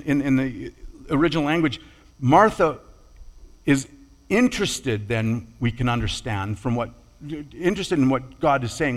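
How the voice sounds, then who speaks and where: A man preaching a sermon in a measured, deliberate way, pausing and restarting now and then. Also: fairly high pitch. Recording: long hall reverb.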